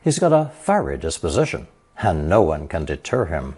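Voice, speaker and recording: A man narrating a scripted language lesson, explaining characters slowly and reading example sentences. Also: extremely low pitch, big pitch swings, darkish tone, breathy edge. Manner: slow, measured explanations with example sentences read aloud. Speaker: language teacher.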